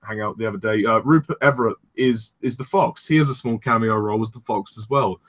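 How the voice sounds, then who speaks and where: A man's voice: on the low side, fairly quick, a bit bright. A young man chatting casually as co-host of a film discussion, rambling and enthusiastic, with frank swearing.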